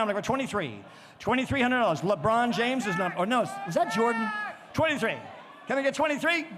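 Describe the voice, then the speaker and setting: A man running a charity auction at a gala, calling bids rapidly and cracking jokes at the crowd. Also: very high voice. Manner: rapid, joking, calls bids out loud. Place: gala event venue, indoors. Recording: reverberant event space, faint background noise.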